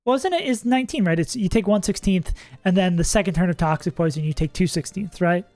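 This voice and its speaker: A chatty streamer talks through game strategy out loud, laughing often and second-guessing the numbers. The voice sits at a middle pitch, recorded close and dry with faint music underneath. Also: fast, dry recording. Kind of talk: casual livestream commentary.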